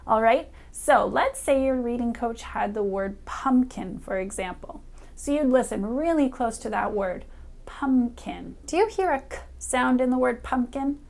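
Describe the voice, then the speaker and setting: A woman reading teacher who talks brightly and encouragingly to a young child, sounding out letters slowly and clearly. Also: fairly high pitch. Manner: cheerful, encouraging, speaks directly to a child. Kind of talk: upbeat children's reading lesson.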